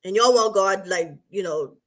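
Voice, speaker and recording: A woman hosting a talk show for wives as a marriage coach, talking to her listeners in a lively, casual way and often asking "right?". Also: mid-range voice, normal speed. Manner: animated, repeats "right?" and "y'all" often.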